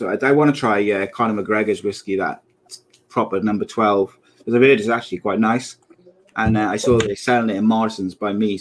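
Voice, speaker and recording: A man's voice: fairly low pitch, a little hiss or hum. Man in his thirties, joking podcast co-host. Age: 30s. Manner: jokey, laughs often at his own jokes. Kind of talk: casual chat.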